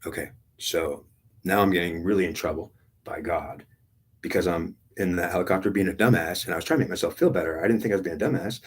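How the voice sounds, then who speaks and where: Older man, low husky rambling voice. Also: fast talker. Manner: repetitive, blunt and profane, retelling a past experience with strong feeling. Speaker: speaker recounting his own spiritual experience. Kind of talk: rambling personal testimony.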